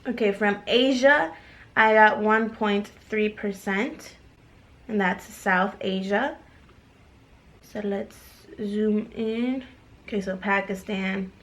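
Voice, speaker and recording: A young American woman talks through her results in a relaxed vlog. She is chatty, reads long lists of places one by one, and laughs easily along the way. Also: medium pitch, slow. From United States. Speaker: YouTuber. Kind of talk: casual vlog, reading results aloud.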